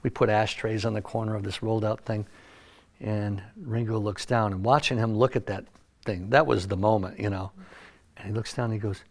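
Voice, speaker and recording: In a recording studio, a gravelly older man, a music producer, spins stories in a relaxed interview, briskly and with a fairly low pitch. He tells his anecdotes with animation, performing the quoted lines.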